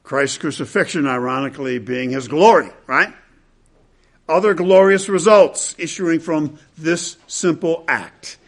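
A man preaches an unhurried expository sermon, repeating key phrases and swinging from loud, emphatic peaks to hushed, low passages.

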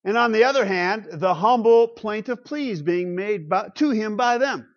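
A man giving a classroom lecture on the Psalms, emphatic and animated, with rhetorical questions and chuckles. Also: high voice, moderate pace, muffled recording. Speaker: Bible lecturer.

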